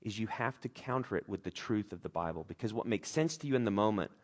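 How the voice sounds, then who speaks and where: A man preaching a sermon as a pastor, earnest and open about his feelings, his delivery swinging between loud urgency and soft reflection. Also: on the low side, animated, quick pace.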